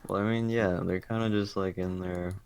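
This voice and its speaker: A man's voice: deep voice, steady tone, normal speed, darkish tone, clean tone. A man with a slight Canadian accent chatting casually and bluntly on a live stream. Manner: laid-back, blunt, jokey.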